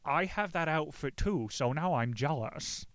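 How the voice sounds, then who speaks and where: A man's voice: fairly high pitch, animated, a little slow, noisy background, pitched above the performer's own voice. A man putting on a mocking impression of a fickle, jealous young woman in an exaggerated valley-girl manner.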